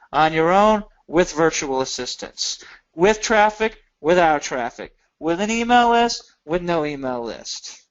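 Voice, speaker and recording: A middle-aged man giving an energetic, emphatic sales pitch on a webinar, repeating phrases for effect. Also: lo-fi sound. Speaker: product seller on a marketing webinar.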